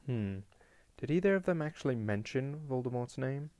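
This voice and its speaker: A man reading aloud and voicing a clever, earnest teenage witch with a brisk, matter-of-fact and slightly defensive manner. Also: medium pitch, animated, warm tone, dry recording, voice pushed up, close to an everyday voice. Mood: firm.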